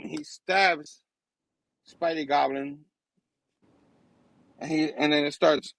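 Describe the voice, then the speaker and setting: A man hosting a show who recaps a comic book in an animated, rambling way and chuckles often. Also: a little high, takes it slowly, vocal fry, long pauses, no echo, rough recording. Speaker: host.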